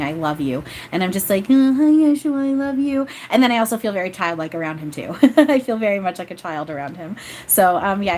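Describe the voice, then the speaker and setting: A woman's voice: on the low side, a little hiss or hum, rough recording. A young woman doing live spiritual readings on a stream, rambling and emotional with many restarts. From grew up Catholic. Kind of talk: live-stream chat and channeling.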